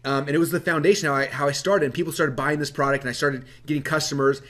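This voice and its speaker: A man presenting a webinar, telling his story to a live audience in a lively, animated way with many fillers. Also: on the high side. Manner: energetic, animated, quick-talking with many fillers.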